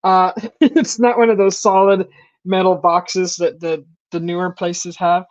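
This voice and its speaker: A woman in casual chat, rambling through a story and acting out quotes in a higher voice, on a stream mic. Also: flat delivery, a little slow, dry recording. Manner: rambling storyteller, acts out quotes with a high voice and laughs. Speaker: stream host. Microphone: streaming call mic. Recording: dull lo-fi stream audio.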